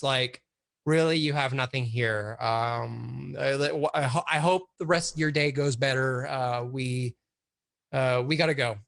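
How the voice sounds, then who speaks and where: A man's voice: a little high, fairly bright tone, pitched below the performer's own voice. A man acting out a weary, polite male police officer who hesitates with many ums. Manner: hesitant, halting, full of ums and uhs.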